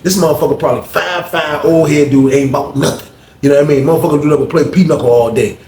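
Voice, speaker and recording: Animated gravelly man telling a story. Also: a little high, quick pace, a little hiss or hum. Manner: animated, profane, acts out voices. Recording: echoey room.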